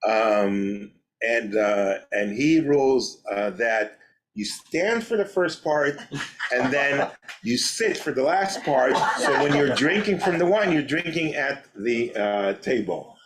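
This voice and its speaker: A rabbi teaching an informal class, speaking hesitantly with many fillers and restarts. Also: male voice, mid-range voice, expressive, slow pace, poor audio.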